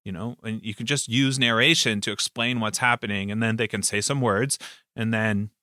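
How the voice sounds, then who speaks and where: A man who hosts a podcast and runs tabletop games, chatting casually in an animated way and laughing often. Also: on the low side, normal speed, no room sound, studio quality. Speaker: game master and podcast host. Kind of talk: casual chat.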